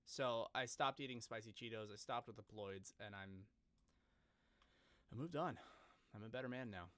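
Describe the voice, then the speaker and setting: A man's voice: on the low side, moderate pace, fairly bright tone, dry recording. A man chatting casually on a live stream, rambling and joking at his own expense. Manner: joking, rambling, self-deprecating.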